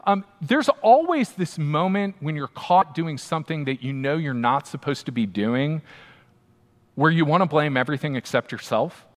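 Pastor, male, conversational sermon delivery, emphatic asides, slightly high voice, long hall reverb. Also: lively intonation, moderate pace.

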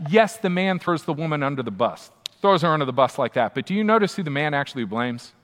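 A fairly high-voiced man preaching a sermon in an easy, conversational manner, pressing his points with emphasis and quick asides to the room. His voice carries a long reverb, as if filling a large hall. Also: animated, fairly bright tone. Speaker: pastor.

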